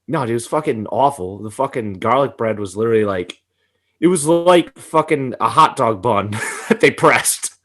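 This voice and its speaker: A man's voice: mid-range voice, lively intonation, moderate pace, a bit bright. A young man co-hosting a podcast in casual chat, ranting animatedly and swearing often, with frequent laughter. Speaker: podcast co-host.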